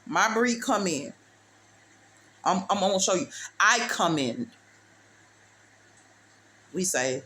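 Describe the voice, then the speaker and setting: A woman's voice: deep voice, a little slow, long pauses, a bit bright, slight background noise. A woman giving a preachy motivational testimony. She talks emphatically and repeats herself, calls the listener baby and uses street-talk phrasing. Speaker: speaker sharing testimony.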